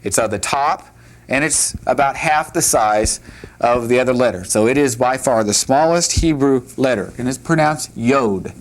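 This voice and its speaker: A man's voice: mid-range voice, moderate pace. A man teaching a lesson at a whiteboard, patiently repeating each letter and joking now and then. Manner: plain-spoken, with light jokes. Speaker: Hebrew teacher.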